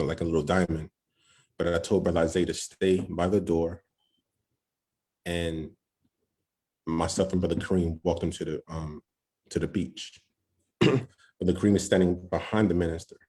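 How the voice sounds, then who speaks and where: A young man tells a personal story on a podcast. His voice sits low and a little husky. He talks with nervous excitement, says he is shaking, and acts out what other people said. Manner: excited, acts out quoted voices, frequent "right?". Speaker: podcast guest. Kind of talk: storytelling testimony.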